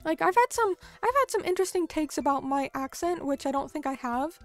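High-voiced chatty young woman streamer. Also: animated, fairly quick, faint music behind. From United States. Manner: chatty, filler-heavy, reads and answers chat. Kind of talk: casual chat with viewers.

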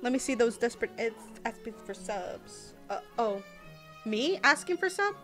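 A woman's voice: fairly high pitch, very animated, normal speed, a bit bright, soft background music. A young woman with a Southern US accent, chatting and giggling casually through a live game stream. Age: young adult. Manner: chatty, giggly, easily sidetracked.

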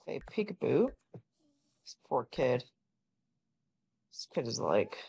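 A woman giving casual, joking gameplay commentary, blunt and quick to swear. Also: sits low, vocal fry, husky. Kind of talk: casual let's-play commentary.

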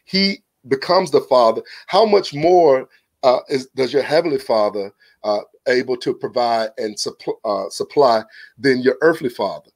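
A man's voice: mid-range voice, a little slow. A man, a podcast guest, telling a personal story in a casual, earnest way, often repeating words as he starts a thought. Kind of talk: casual testimony.

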